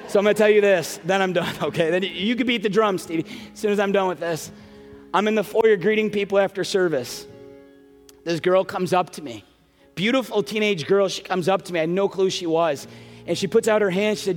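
A middle-aged man preaching a sermon as pastor, telling an emotional family story with quick asides. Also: sits high. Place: large church sanctuary. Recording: long hall reverb, soft music behind.

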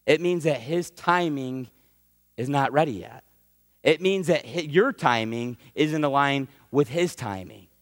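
A man's voice: medium pitch, measured pace, no echo, clean studio sound, long reverb tail. A man preaching a sermon in a conversational way, sometimes acting out prayers and what God says. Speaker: pastor.

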